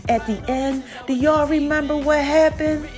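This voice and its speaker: A high-pitched woman gives an animated, chatty recap of a TV episode. She keeps calling her listeners y'all and acts out what the characters say. Faint music plays in the background. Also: normal speed. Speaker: podcast host.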